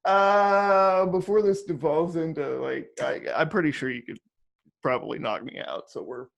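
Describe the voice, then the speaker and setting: A man hosting a casual interview, teasing his guest with wry remarks and halting restarts. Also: on the high side, creaky, lo-fi sound. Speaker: podcast host.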